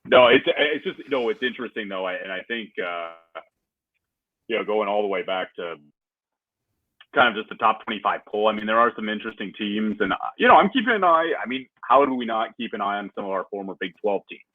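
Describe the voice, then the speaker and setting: Male podcast co-host, animated sports talker, low husky voice, dry phone-quality sound. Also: a little fast, no echo. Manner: animated, laughs easily, restarts often. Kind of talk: casual sports chat. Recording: tinny phone-like line.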